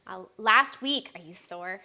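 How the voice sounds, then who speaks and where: A woman's voice: medium pitch, measured pace, pushed and bright. A young adult woman, a personal trainer, chatting casually and upbeat on a live stream, with frequent fillers.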